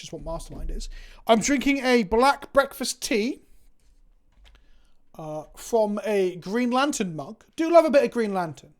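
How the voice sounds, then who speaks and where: A man's voice: high-pitched, big pitch swings, measured pace. Sweary, chatty English man streaming. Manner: rambling, sweary, self-mocking banter. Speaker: Magic card game content creator. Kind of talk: casual chat on a live stream.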